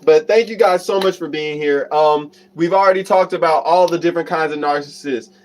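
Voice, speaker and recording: A man's voice: on the high side, a little fast, slight background noise. A man hosting a casual livestream, giving motivational self-help advice and answering viewer comments. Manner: reads viewer comments aloud and laughs often; motivational, many fillers and restarts.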